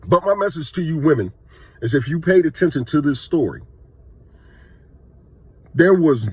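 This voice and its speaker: A man's voice: on the high side, lively intonation, normal speed, pauses often, a little mellow, slightly rough. A man vlogging, telling a personal story in a casual, conversational way that is emphatic and full of restarts.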